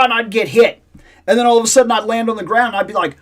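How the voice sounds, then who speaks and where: A middle-aged man hosting a casual chat, telling a nostalgic story in an animated way, with loud exclamations and low asides. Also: fast talker. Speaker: host.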